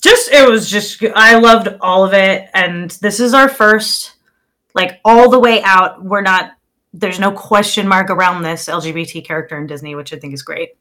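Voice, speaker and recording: A woman co-hosting a casual movie review podcast, animated and laughing often, sometimes fumbling for names. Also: mid-range voice, moderate pace. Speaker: podcast co-host.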